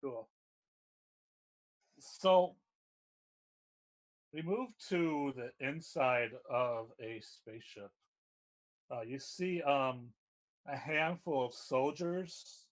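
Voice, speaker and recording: A man running a tabletop game, calmly narrating scenes with frequent fillers. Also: mid-range voice. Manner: unhurried descriptive narration with fillers. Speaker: game master.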